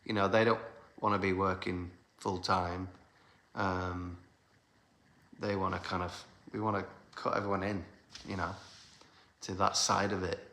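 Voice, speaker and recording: A man chats loosely to fans on a livestream, his voice sitting a little low yet sounding bright and forward. He rambles, restarts and fills gaps with ums. The sound carries a noticeable echo from the room. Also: little pitch movement, measured pace, pauses often. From United Kingdom. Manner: rambling, chatty, frequent fillers and laughs. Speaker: band leader hosting a fan livestream. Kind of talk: casual livestream chat. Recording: roomy echoey room sound.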